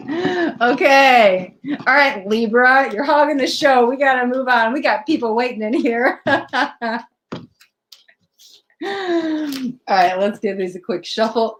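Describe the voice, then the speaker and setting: Excitable woman giving a tarot reading. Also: on the high side. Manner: excitable, gushing, quick to laugh. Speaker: tarot reader. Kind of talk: live tarot reading chat. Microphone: laptop built-in.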